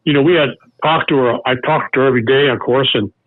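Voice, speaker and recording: A man's voice: medium pitch, no room sound, narrow, tinny audio. Older man telling a story, phone-thin sound. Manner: halting, with many restarts and fillers. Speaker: podcast guest, former baseball coach. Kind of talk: personal storytelling.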